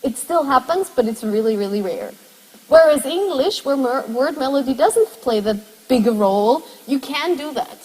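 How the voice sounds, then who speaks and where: A woman's voice: sits high, lively intonation, moderate pace, mellow, slightly rough, in a large hall, poor audio. A woman lecturing a university class, explaining step by step and putting questions to her students.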